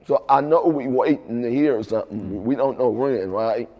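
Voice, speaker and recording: A man guest in an interview, telling his story in a relaxed, casual way, often tagging "right?" and "man". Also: medium pitch, moderate pace, in a large hall, highs cut off. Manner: laid-back, repeats "right?" and "man".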